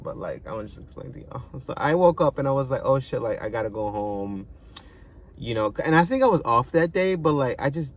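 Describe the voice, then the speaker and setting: A young man with tells a story to camera in an animated, profane vlog style. His voice sits in a middle register, bursting loud and high at the big moments, then sinking into quiet mumbles. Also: a little fast, a little hiss or hum. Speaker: vlogger.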